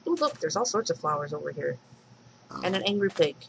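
A woman's voice: sits low, lively intonation, fairly quick, vocal fry, slight background noise, poor audio. A woman casually commenting on her own game as she plays, chatting to the animals she meets and squealing when startled. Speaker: let's play host and mod maker.

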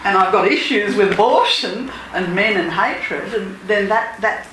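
A woman's voice: medium pitch, unhurried. A woman, a spiritual healer and teacher, talking earnestly and leading call-and-response mantra chants. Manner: earnest, emphatic, leads chants. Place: lodge meeting room. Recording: echoey room, speaker far from mic, noisy.

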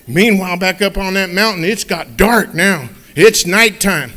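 A man telling a children's Bible story at church in an expressive, playful manner. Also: high-pitched, measured pace. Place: church sanctuary.

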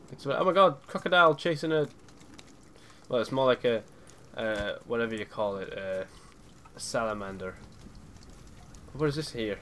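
A man narrating his own gameplay in a loose, excitable way. He is quick to get spooked and swears casually, and his voice sits at an ordinary middle pitch. Faint noise sits behind him. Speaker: let's play gamer.

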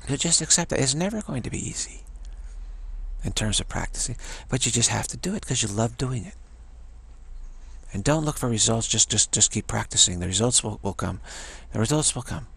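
Man, middle-aged, gravelly, husky, emphatic motivational talk, repeats lines for stress. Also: medium pitch, animated, a little fast, a bit bright. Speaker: teacher of a self-development practice.

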